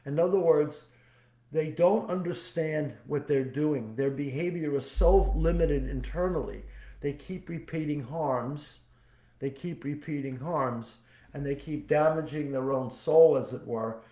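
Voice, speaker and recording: Male spiritual podcast host, folksy storyteller, mellow and slightly high voice, echoey room. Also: measured pace. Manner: folksy storyteller, repeats key phrases. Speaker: podcast host and psychic medium. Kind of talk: spiritual teaching talk.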